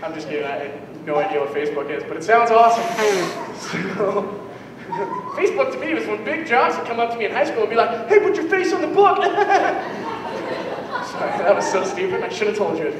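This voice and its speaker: High-voiced young guy doing stand-up. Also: animated, a little fast, recorded from a distance, crowd noise, noisy background. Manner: rambling, self-deprecating storytelling. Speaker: stand-up comedian. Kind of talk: stand-up routine. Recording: echoey hall, mic heard from afar.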